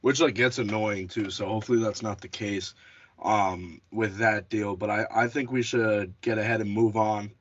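A man's voice: fairly low pitch, fairly even intonation, moderate pace, fairly bright tone. A man hosting a casual sports podcast, chatty, often restarting and correcting himself. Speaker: podcast host. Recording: dull lo-fi audio.

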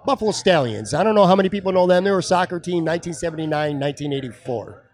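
Guy hosting a chill podcast, kinda high voice, keeps things moving. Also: lively intonation, rapid-fire, darkish tone. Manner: steers the talk with prompts. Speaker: podcast host. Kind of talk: casual interview.

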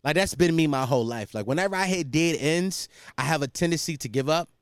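A man's voice: on the high side, fast, clean tone, no room sound, clean studio sound. A young man hosting a podcast, chatting casually in a rambling, profane and self-mocking way. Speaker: podcast host. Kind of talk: casual solo chat.

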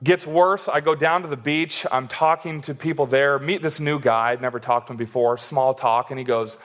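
Young male pastor, mid pitch, relaxed and jokey preaching delivery. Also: moderate pace. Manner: casual and joking, laughs while preaching. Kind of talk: sermon.

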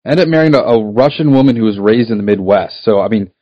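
A man's voice: fairly low pitch, animated, quick pace. A man hosting a casual podcast chat, laid-back and asking easygoing questions. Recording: dull lo-fi recording.

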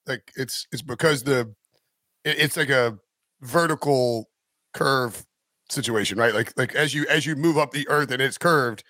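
A man's voice: medium pitch, measured pace, pushed and bright, no room sound. A man co-hosting a sports betting podcast, rambling and often breaking off mid-sentence. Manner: rambling, self-interrupting. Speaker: podcast co-host. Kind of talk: casual sports betting chat.

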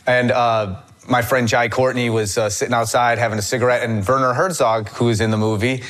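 A man's voice: mid-range voice, fairly even intonation, fairly quick, fairly bright tone. Rambling man from Chicago. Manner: rambling, many restarts and fillers. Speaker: podcast guest, actor. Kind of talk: casual chat, storytelling.

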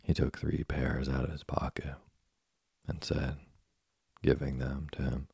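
Man, storybook reading, dark gravelly voice, dry close sound, steady. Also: rumbling low, unhurried, no room sound. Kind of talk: reading a children's book aloud.

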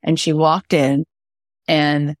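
Woman podcast coach, low voice, dry close sound, animated teaching tone. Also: takes it slowly, no room sound. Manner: animated storyteller acting out quotes. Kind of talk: energetic teaching livestream.

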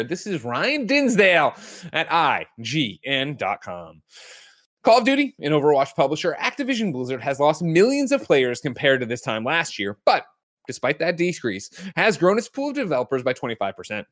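Animated man hosting a podcast, lively pitch. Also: normal speed, soft background music. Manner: animated, jokey, rambling. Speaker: podcast host. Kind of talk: casual chat and ad read.

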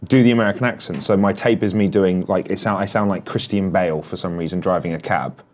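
A man's voice: sits low, level tone, a little fast, darkish tone, a little hiss or hum. A man, an actor guest, telling candid and profane stories in a casual chat.

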